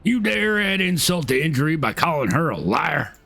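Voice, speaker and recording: An aggrieved man calling for justice, as a man puts him on in a video game. He pitches a little above his own voice and pushes it out theatrically. The melody jumps around a lot. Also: very animated, normal speed, vocal fry, a bit bright, slightly rough, soft background music, heavily acted. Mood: accusing.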